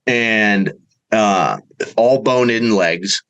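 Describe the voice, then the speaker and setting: A middle-aged man, a bowhunter guest, telling a story in a casual way and acting out the quotes with big jumps in pitch. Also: extremely slow, a bit bright, lo-fi sound.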